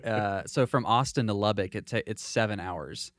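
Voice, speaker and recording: A podcast host with a low voice chats casually, rambling through lots of fillers and restarts. His tone is fairly bright, his pace moderate, and there's no room sound at all.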